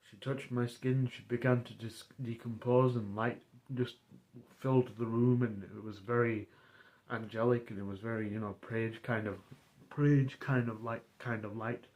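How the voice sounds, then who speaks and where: A man's voice: medium pitch, steady tone, a little mellow. Rambling man telling a story. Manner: rambling, halting, many fillers and restarts. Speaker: streamer. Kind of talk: casual storytelling of a roleplay.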